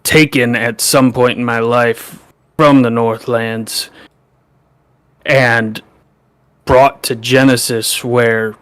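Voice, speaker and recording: A man's voice: mid-range voice, little pitch movement, a little slow, a bit bright, clean tone, no echo, close to an everyday voice. A man voicing a half-orc man with a slight twang, who speaks politely and formally.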